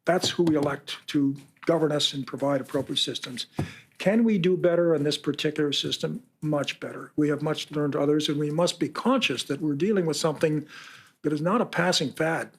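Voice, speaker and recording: A man from Canada answering reporters' questions at a press conference, earnest and measured, sometimes reading passages aloud. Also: fairly high pitch, a little hiss or hum. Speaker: special rapporteur answering reporters.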